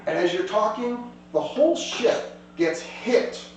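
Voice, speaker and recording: A man running a tabletop game with a fairly high voice, rambling and circling back mid-sentence. The mic is far away in a very echoey room, and a faint hum runs underneath. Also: animated, takes it slowly, darkish tone. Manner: rambling, loose, many restarts. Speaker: game master.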